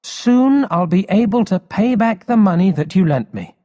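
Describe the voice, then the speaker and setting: An eager, polite schoolboy hero from a storybook, put on by a male reader, his voice pushed up high and swinging lively. The words come slowly and carefully, ringing out with a long hall echo. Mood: grateful.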